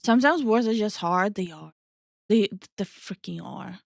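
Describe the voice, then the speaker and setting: Speaking at a normal pace with an animated mid-range voice and some vocal fry, a young woman streams live as a VTuber host. She reads viewer messages aloud, chats casually, laughs frequently and swears offhandedly in a playful way. The sound is studio quality with no room echo.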